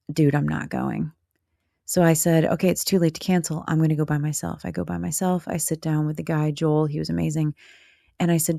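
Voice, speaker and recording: A woman's voice: deep voice, creaky, warm tone, no echo, clean studio sound. A woman hosting a reflective podcast monologue, speaking candidly and directly to the listener in a motherly, blunt way. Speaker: podcast host.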